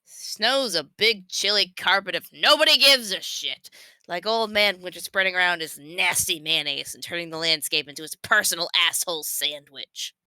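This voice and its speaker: A woman reading the lines of a crude, deadpan, too-cool teenage boy during a comic read-through with friends, in a dry room. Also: fairly low pitch, normal speed, dry recording, low-quality recording.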